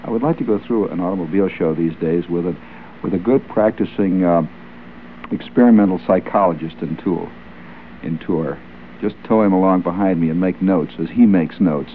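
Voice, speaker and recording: A man's voice: low-pitched, expressive, normal speed. Male radio host with a wisecracking manner, faint hiss on a lo-fi old radio recording. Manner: wry, joking, chuckling asides. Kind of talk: ad-libbed radio patter. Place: radio studio.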